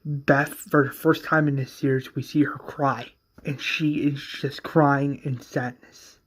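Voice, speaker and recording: A man casually recapping an episode of a fan series, halting and repeating words as he goes. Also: medium pitch, little pitch movement, a bit bright.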